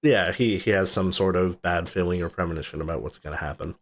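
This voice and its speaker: A man with a low, deep voice talking casually on a movie podcast. He rambles through scenes, drops swear words and laughs as he goes. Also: fast talker. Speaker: podcast co-host.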